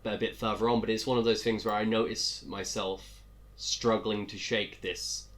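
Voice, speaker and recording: A relaxed host with a somewhat low voice, chatting with a guest. He asks his questions loosely and adds reflective remarks of his own. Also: normal speed. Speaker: podcast host. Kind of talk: casual interview chat.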